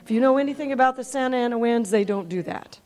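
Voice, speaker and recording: A high-pitched woman delivering a sermon full of personal stories. She draws the congregation in with soft, confiding lines, then climbs into fervent, almost shouted declarations at the climaxes. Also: quick pace. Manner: animated, rises to near-shouting when telling dramatic parts. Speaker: preacher. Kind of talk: sermon storytelling.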